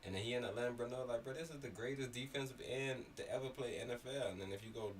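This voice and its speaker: Animated Miami man telling stories. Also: medium pitch, quick pace. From Miami area. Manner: animated, swearing, acts out quotes, loud when worked up. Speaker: podcast co-host. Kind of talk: casual storytelling chat. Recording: slightly distant mic, faint background noise.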